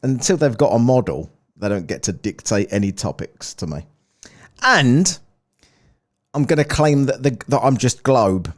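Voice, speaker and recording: A man's voice: mid-range voice, big pitch swings, unhurried. A man hosting a live stream, mocking and swearing freely. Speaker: host reacting to a stream. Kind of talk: casual live commentary.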